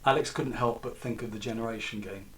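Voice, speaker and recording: A man's voice: mid-range voice, steady tone, quick pace, slight background noise. A man reading his own novel aloud with wry, chatty asides. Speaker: author reading own book. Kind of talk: audiobook narration. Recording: distant mic.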